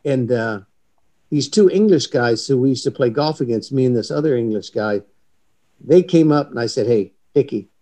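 Middle-aged guy spinning a rambly story, swears a lot, does little voices for people, regular medium-pitched voice. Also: normal speed. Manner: animated, rambling, profane anecdote-teller. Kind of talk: casual storytelling chat.

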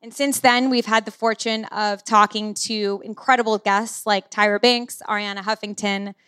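A woman hosting a podcast while sick and hoarse, telling a personal story openly from the stage. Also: medium pitch, steady tone, moderate pace, pushed and bright. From United States. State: lost voice, sick. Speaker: podcast host. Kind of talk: podcast intro and live stage talk.

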